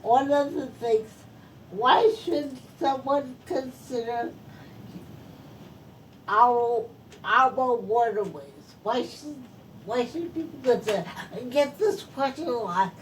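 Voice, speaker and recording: A woman host whose speech is slow and halting after a stroke, often repeating words as she works through a question. Her voice sits fairly high and she talks at an unhurried crawl. She is heard from a distance, with a low rumble of noise underneath. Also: animated. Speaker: podcast host and interviewer. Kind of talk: interview. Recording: distant mic with background noise.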